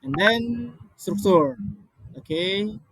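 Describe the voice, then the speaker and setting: A man's voice: high-pitched, expressive, takes it slowly, a bit bright, slightly rough, poor audio. A man whose first language is not English, reading a grammar lesson from slides with many restarts and apologies.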